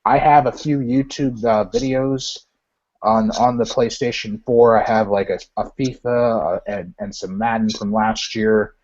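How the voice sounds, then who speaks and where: A man's voice: lowish voice, steady tone, unhurried, darkish tone. Easygoing man on muffled webcam audio. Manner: easygoing, repeats himself. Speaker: guest. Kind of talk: casual live video chat.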